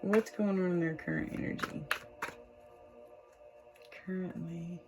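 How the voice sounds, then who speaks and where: A woman's voice: fairly low pitch, fairly even intonation, a little slow, loud music behind the voice, rough recording. A young woman, chatting casually to her viewers as she reads tarot, laughing often. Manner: chatty, warm, lots of "y'all" and laughs. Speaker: tarot reader, channel host. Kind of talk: casual tarot reading to camera.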